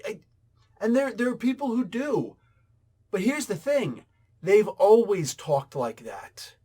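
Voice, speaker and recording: A man's voice: sits high, husky. A man reviewing a comic book in casual commentary, heated and emphatic, often repeating his points.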